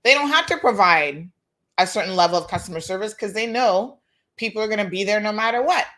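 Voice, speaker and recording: A woman hosting a talk show, telling a lively story and acting out the people in it. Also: medium pitch, a little fast. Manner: animated, acts out quoted dialogue, laughs. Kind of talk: casual monologue, storytelling.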